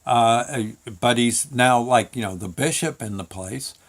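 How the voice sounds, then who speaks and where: A male show host telling a long story in a relaxed, casual manner. He rambles, restarts his sentences and fills pauses with "uh" and "you know" as he goes. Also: mid-range voice. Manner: rambling, many restarts and fillers.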